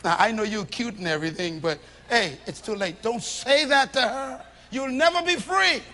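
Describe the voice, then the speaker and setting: A man preaching a sermon to a live congregation, swinging from shouts to low confiding tones and acting out little dialogues in different voices. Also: normal speed. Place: church hall with a congregation.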